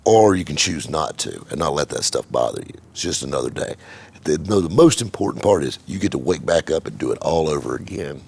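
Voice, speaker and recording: Man, deep husky voice, lively pitch swings, casual profane storytelling, car dealer. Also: a little fast. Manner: rambling with repeated "just" and profanity. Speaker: car dealer and channel host.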